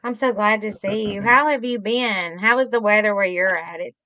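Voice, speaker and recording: A woman's voice: medium pitch, normal speed, pushed and bright, dry recording, highs cut off. A woman hosting a casual livestream chat, giggly and fond as she greets her guests. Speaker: livestream host.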